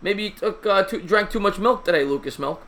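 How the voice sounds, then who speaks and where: A man's voice: high-pitched, fairly quick, crowd noise. A man hosting a live call-in sports talk show, chatty and teasing his callers.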